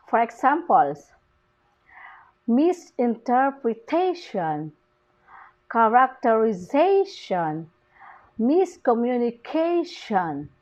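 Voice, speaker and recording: A woman's voice: a little high, a little mellow. A young woman giving a class presentation, hesitant, with many fillers and restarts. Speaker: student presenting a lesson. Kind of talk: classroom presentation on word stress. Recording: dull lo-fi recording.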